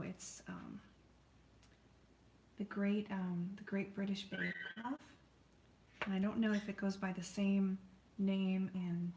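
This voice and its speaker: A woman's voice: medium pitch, darkish tone, echoey room, slight background noise. An American woman hosting a live painting stream from her art studio, chatting and rambling in a friendly way to viewers as she paints. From United States.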